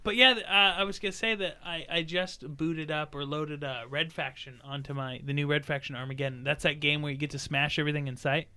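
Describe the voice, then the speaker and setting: A man's voice: a little high, steady tone, a little fast, few pauses, sharp tone, smooth. A young man hosting a casual podcast chat, rambling and joking, swearing freely. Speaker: podcast host.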